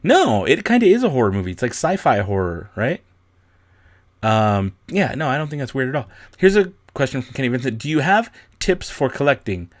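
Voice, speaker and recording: A young man chatting on a livestream at a medium pitch, loose and rambling, laughing often between answers. His voice is close and dry on the mic, with no room echo. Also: big pitch swings, a little fast. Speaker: livestream host. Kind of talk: casual livestream chat.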